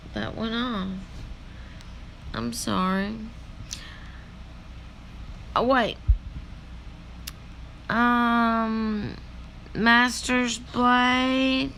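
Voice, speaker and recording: A woman's voice: on the high side, vocal fry, a bit bright, a little hiss or hum. A woman hosting a reaction video, rambling in casual commentary with many fillers.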